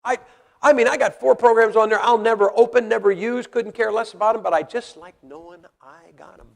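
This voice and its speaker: Gravelly man preaching in a hall. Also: extremely high pitch, a little fast. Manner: blunt, folksy, rhetorical questions to the congregation. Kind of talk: sermon. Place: church hall with congregation. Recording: long reverb of a large hall.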